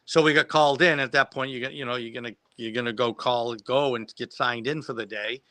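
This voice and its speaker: A man's voice: mid-range voice, fairly even intonation, a little fast, bright, forceful tone, no echo. A man telling a long, rambling anecdote about his days as a film extra, full of restarts and laughing at his own story. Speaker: guest who acted as a child extra. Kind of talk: casual anecdote on a live stream.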